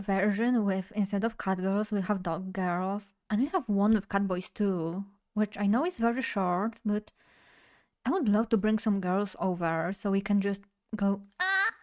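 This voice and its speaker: A woman's voice: medium pitch, normal speed, a little mellow. Playful young woman chatting on stream. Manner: playful, chatty, talks to chat. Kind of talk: casual live-stream chat.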